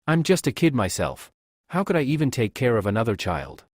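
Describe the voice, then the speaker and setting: A man's voice: mid-range voice, very animated, fairly quick, no room sound, studio quality. A man voicing a flustered young princess who blushes and exclaims, in a manhwa recap.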